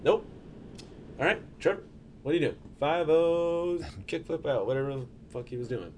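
A man's voice: a little high, expressive, moderate pace, darkish tone, slight background noise. A young man telling a rambling, profanity-laden story in casual podcast chat, with lots of fillers and restarts.

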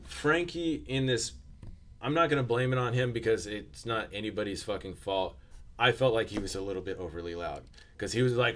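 A man's voice: on the low side, brisk, fairly bright tone, a little hiss or hum. A young man telling a rambling, profanity-laden story in casual podcast chat, with lots of fillers and restarts.

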